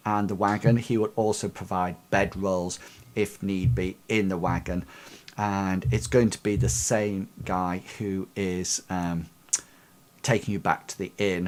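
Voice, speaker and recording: Rambling male game master. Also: fairly low pitch. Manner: rambling with many fillers and restarts. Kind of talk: narrating a tabletop game on a stream.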